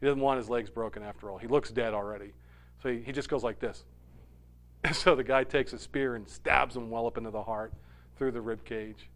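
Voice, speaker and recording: A man preaching a sermon, animated, dropping to a hush and rising loud when he acts out quoted lines. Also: medium pitch, normal speed. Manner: animated, swings from hushed to loud when quoting. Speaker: pastor.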